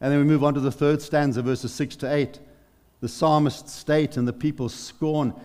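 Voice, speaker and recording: A man's voice: on the high side, fairly even intonation, normal speed. Dramatic middle-aged male pastor in a reverberant hall. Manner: dramatic, swinging from loud exclamations to hushed near-whispers; addresses the congregation as friends. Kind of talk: expository sermon.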